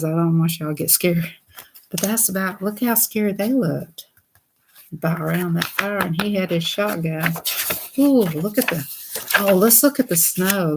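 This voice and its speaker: Slow, chatty woman reading aloud. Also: fairly low pitch, gravelly, a little mellow. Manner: chatty, giggly, talks to viewers, reads slowly. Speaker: vlogger reading children's books. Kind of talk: casual read-aloud chat.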